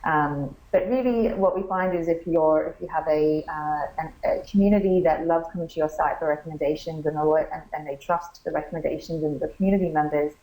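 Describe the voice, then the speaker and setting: A woman with a low, steady voice talks business at a conference interview. She explains in a friendly way, pausing on ums and restarting her sentences. The sound is roomy and echoing. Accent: has an accent she remarks on. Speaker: startup founder, interview guest. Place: conference venue.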